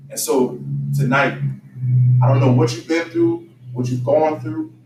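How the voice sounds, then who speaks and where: A man's voice: on the high side, steady tone, a little slow, darkish tone. A man leads a youth group in an emphatic, preaching motivational talk with call-and-response. He is picked up from across the room. The space is roomy, with a faint hiss under the voice. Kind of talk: motivational talk to young men. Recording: distant mic in echoey room with faint noise.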